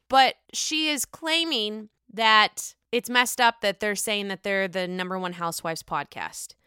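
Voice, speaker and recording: A woman's voice: medium pitch, pushed and bright, smooth, no echo, clean studio sound. A young woman hosting casual reality TV gossip commentary, sassy and profane.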